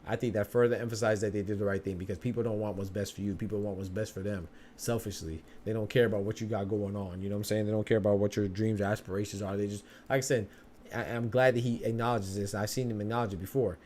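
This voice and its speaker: A man's voice: fairly low pitch, fairly even intonation, quick pace, darkish tone, slight background noise. A young man hosting a solo boxing podcast, talking casually in streetwise slang and often repeating himself.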